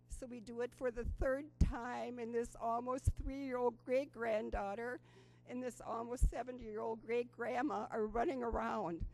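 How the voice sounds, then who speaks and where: A woman's voice: a little high, fairly even intonation, normal speed, vocal fry, darkish tone, low-quality recording. Older woman telling an earnest story. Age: 60s. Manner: earnest storyteller with frequent ums. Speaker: program participant giving a testimonial. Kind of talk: personal testimony speech to an audience. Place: school auditorium.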